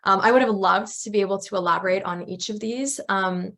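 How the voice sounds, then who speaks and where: A woman moderating a panel discussion, friendly and quick to laugh. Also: mid-range voice, sharp tone.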